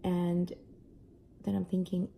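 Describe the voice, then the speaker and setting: A young adult mother casually telling a family story to camera, animated, acting out voices now and then. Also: on the low side, takes it slowly, creaky, a little hiss or hum. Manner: animated, acts out kids' and own voices. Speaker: parent vlogger.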